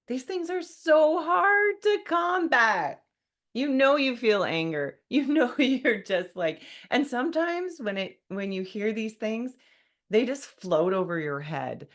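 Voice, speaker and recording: A woman hosts a solo podcast in a wry, conversational tone, acting out what people say to her. Her voice sits low, and she takes her time with an unhurried delivery. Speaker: podcast host.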